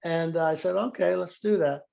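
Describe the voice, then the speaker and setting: A man's voice: on the high side, normal speed, vocal fry, a little mellow, highs cut off. A man telling stories to a group, acting out quoted lines and laughing as he goes. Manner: laughs through anecdotes, acts out quotes. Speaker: guest speaker. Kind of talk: storytelling in a group video session.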